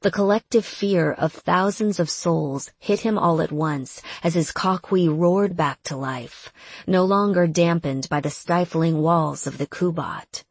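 A woman narrating a fantasy audiobook in a measured, steady manner. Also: fairly low pitch, slightly rough, dry recording. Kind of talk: scripted narration.

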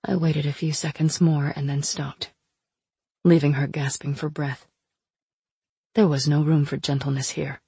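A woman reading a first-person fantasy audiobook in an even, measured way. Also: low voice, creaky, breathy edge, no echo. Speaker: narrator.

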